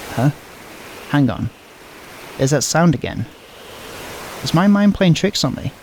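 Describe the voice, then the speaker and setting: A man's voice: mid-range voice, slight background noise. A man playing through a visual novel, reading every line in a playful, exaggerated comedic way.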